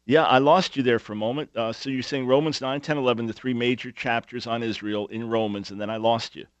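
A man's voice: mid-range voice, steady tone, a little fast, no echo. A man hosting a talk radio show, speaking emphatically with sarcastic asides.

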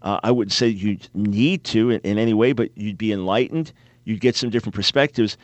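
A man's voice: fairly low pitch, a little fast, no echo. Upbeat male radio call-in host. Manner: upbeat, conversational, explanatory. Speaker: radio talk show host. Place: radio studio.

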